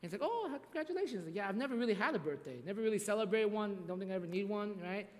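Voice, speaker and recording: High-voiced man preaching in an echoing hall. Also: very fast. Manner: conversational, repeats "right?", restarts often. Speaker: pastor. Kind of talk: sermon storytelling.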